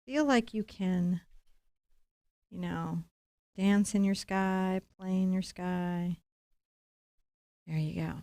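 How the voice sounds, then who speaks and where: A woman's voice: fairly low pitch, slow, pauses often, mellow, no echo. A woman leading a live-streamed painting lesson, talking playfully and encouragingly straight to her viewers. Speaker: painting instructor.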